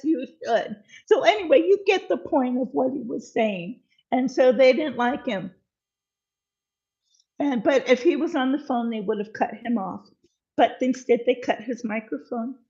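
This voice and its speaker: A woman's voice: on the high side, a little mellow. A woman hosting a casual livestream from her home kitchen, chatting in a rambling way with many fillers while she bakes. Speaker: livestream host. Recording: dull lo-fi sound.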